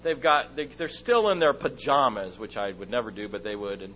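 A man's voice: on the low side, a little fast. A middle-aged man preaching and telling a family story, acting out moments as he goes. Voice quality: lively storyteller, acts out his own shouting and whispering. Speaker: speaker at a church meeting. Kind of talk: sermon with personal stories. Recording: dull lo-fi recording with faint hum.

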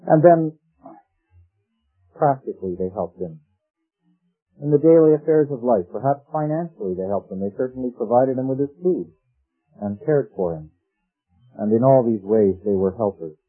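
Man, preacher, sermon, conversational, rhetorical questions, husky, thin old radio sound. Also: mid-range voice, lively intonation, moderate pace, pauses often. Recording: tinny phone-like old radio broadcast with faint music.

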